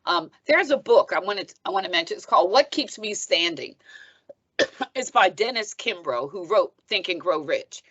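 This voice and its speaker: A woman's voice: medium pitch, animated, moderate pace, fairly bright tone, husky, no echo, lo-fi sound. A woman in her seventies from Philadelphia, a reverend speaking as a podcast guest, emphatic and preacherly, often checking in with "okay?". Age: 70s. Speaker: guest, reverend and foundation president. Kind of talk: conversational podcast interview.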